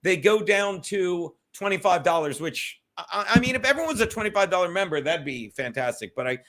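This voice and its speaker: A man hosts a loose solo livestream from home, swearing freely and chatting straight to his viewers. His voice sits high for a man. It has a bright edge. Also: expressive, a little fast. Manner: loose, profane, rambling, talks to chat. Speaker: livestream host. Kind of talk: casual solo livestream chat. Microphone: streaming setup.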